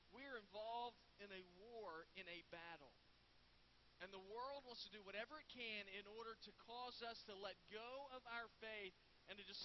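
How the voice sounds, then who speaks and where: A man with a notably high voice preaches to his congregation in an earnest, conversational way, often doubling his words. The recording is dull and lo-fi, with a faint hiss underneath. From United States. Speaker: pastor. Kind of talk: sermon.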